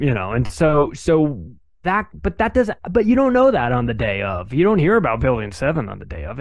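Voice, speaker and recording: A man speaking as a podcast guest in casual, conversational storytelling, animated and acting out other people's lines as he goes. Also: medium pitch, no echo, lo-fi sound.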